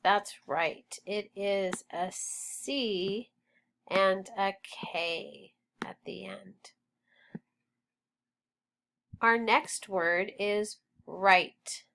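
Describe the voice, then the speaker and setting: A woman leads a phonics lesson at a very slow, deliberate pace, stretching out each word. Her pitch sits in a middle range, and she sounds patient and encouraging as she spells out letters and sounds. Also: vocal fry, a bit bright. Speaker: phonics teacher.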